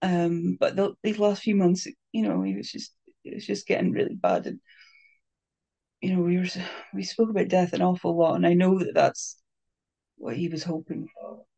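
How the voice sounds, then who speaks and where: A speaker sharing a personal story in a candid, hesitant way, with many pauses, fillers and restarts, soft and emotional. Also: mid-range voice, flat delivery, gravelly. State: crying.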